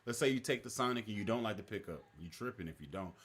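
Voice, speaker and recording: A young man, hosting a casual stream chat in an animated, rambling way that is full of laughter. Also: fairly low pitch, quick pace. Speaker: stream host.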